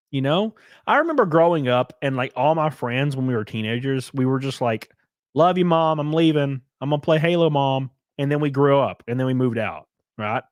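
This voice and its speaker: A man's voice: mid-range voice, no echo, studio quality. A man from Alabama with a Southern accent, chatting casually and profanely on a live stream while reading chat aloud. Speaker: streamer host.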